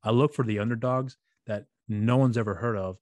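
A man's voice: medium pitch, a little fast, darkish tone, no room sound, clean studio sound. A man in his thirties hosting a casual interview, telling stories in rambling runs with many restarts. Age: 30s. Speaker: podcast host.

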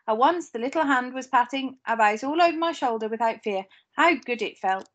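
A woman teacher reading a novel aloud to her pupils, steady, with occasional slips and short asides. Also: a little high, brisk.

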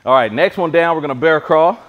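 A man's voice: on the high side, fairly quick, phone-quality sound. A man leading a virtual PE class, joking and bantering with his co-coach while calling out exercises. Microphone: clip-on mic pack.

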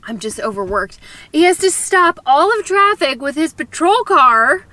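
High-voiced, laughing woman vlogger. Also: unhurried. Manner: animated, self-mocking, laughs often; quotes people in acted voices. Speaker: travel vlogger. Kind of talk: casual storytelling vlog.

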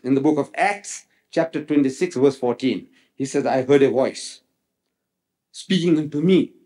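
An older man giving a public religious lecture, rhetorical and animated, quoting others in voices. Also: fairly high pitch. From South Africa. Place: lecture hall.

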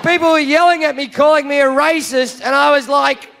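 Crude, shouty Australian comedian. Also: male voice, extremely high pitch, steady tone, brisk, creaky. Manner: crude, swearing, shouty storytelling. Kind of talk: stand-up comedy. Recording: live show with loud crowd noise.

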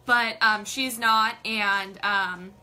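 A woman's voice: mid-range voice, steady tone, slow pace, bright, forceful tone, faint music behind. A woman hosting a casual live stream, bubbly and gushing, greeting viewers by name. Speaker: livestream host.

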